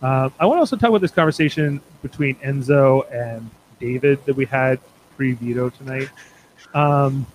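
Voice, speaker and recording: A man's voice: mid-range voice, moderate pace, slight background noise, low-quality recording. A man hosting a casual chat show, rambling and restarting his sentences as he talks it through. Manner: rambling, restarts often, conversational. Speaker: podcast host.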